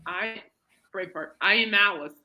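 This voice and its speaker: Bright-voiced chatty woman podcast host. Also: medium pitch, normal speed. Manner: rambling, chatty storyteller. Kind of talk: casual chat.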